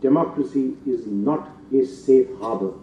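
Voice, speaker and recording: An older man with an Indian English accent giving a formal public lecture, emphatic and rising to forceful rhetorical peaks. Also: medium pitch, a little slow, a little hiss or hum. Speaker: guest lecturer. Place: lecture hall. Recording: distant, roomy, dull hall recording.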